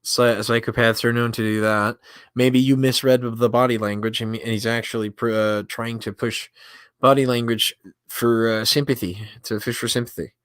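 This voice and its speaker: A man's voice: medium pitch, level tone, normal speed, fairly bright tone, clean tone, dry recording, studio quality. Crude, mocking male streamer. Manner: crude, mocking and incredulous, heavy swearing. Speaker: streamer reacting to a video. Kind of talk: casual reaction stream.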